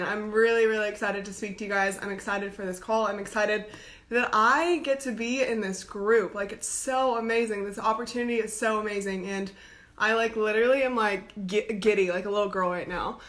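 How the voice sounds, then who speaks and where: A woman's voice: mid-range voice, fairly even intonation, normal speed, a bit bright. A young woman giving a bubbly, gushing live-call talk to her team as a coach, greeting viewers by name, laughing often and saying "like" and "literally" a lot. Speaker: coach speaking to a team group.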